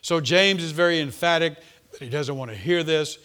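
A man's voice: on the high side, moderate pace. Emphatic male preacher. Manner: emphatic, repeats words, rises and falls sharply in loudness. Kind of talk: sermon.

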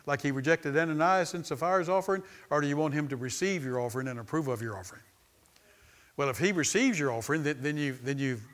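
A male pastor preaching a sermon, calling for amens and often restarting his phrases. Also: a little high. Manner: preaching with call-and-response, stumbling restarts, swells in loudness.

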